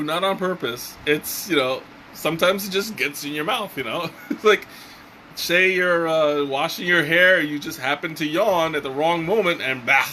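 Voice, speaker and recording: A man casually reviewing a tea on a live stream, halting with many fillers and restarts. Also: fairly high pitch, bright, forceful tone, a little hiss or hum, rough recording. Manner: hesitant, many fillers and restarts, chuckles often.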